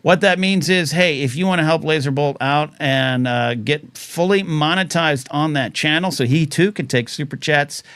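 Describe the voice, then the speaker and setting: A man's voice: fairly high pitch, moderate pace, few pauses, a bit bright, clean tone, no echo. Chatty rambling man host. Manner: rambling, chatty, many fillers and restarts. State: starting to lose his voice. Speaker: host of a live call-in stream. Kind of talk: casual live-stream talk show.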